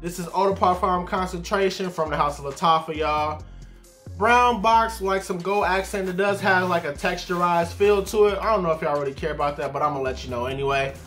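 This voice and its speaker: A high-voiced man, talking through a fragrance review in a relaxed, chatty way. He keeps tacking "man" and "y'all" onto his sentences, and soft music plays behind him. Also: a little fast. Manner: laid-back, repeats "man" and "y'all" often. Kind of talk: casual video review.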